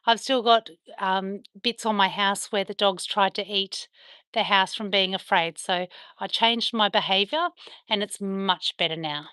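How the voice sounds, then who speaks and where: Bright-voiced Australian woman chatting on a livestream. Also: mid-range voice, moderate pace, smooth, dry recording, studio quality. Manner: chatty, reads and answers viewer comments, soft baby talk to the dogs. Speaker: dog owner livestreaming with her dogs. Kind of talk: casual livestream chat with viewers. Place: at home on a veranda.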